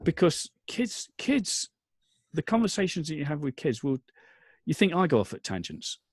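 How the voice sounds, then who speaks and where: A man's voice: on the high side, sing-song, normal speed, husky, no room sound, studio quality. A man, a father, talking as a podcast guest, earnest and rambling with lots of restarts, emotional at times. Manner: emotional, choking up. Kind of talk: casual interview chat.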